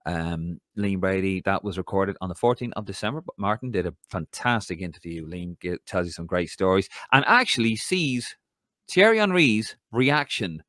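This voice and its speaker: Lively, chatty man hosting a podcast. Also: low-pitched, moderate pace, no echo, clean studio sound. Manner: upbeat, chatty, plugging channels. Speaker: podcast host. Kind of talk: casual podcast chat.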